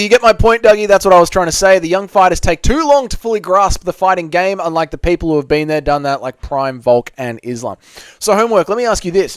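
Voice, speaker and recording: A man's voice: on the high side, clear, resonant tone, no echo. A man hosting a casual live stream, reading viewer comments aloud and bantering back in a loose, joking way.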